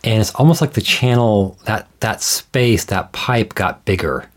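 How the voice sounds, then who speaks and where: A man explaining ideas in a measured, thoughtful way, often restarting his sentences as he talks things through. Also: lowish voice. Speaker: guest scholar. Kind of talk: conversational explanation.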